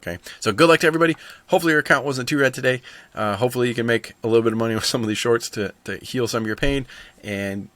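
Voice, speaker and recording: A man's voice: medium pitch, racing, a bit bright, dry recording. A man hosting a stock market video, chatting casually and thinking aloud with asides. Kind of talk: casual market commentary to camera.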